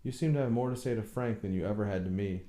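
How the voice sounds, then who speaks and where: A man's voice: on the low side, fast, mellow, echoey room, natural voice. Man voicing a brooding tormented husband. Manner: brooding, bursts into bitter anger.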